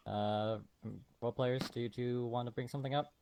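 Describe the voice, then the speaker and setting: A man serving as intelligence officer, giving casual reminders over game voice chat with relaxed radio lingo. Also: mid-range voice, fairly quick, slight background noise.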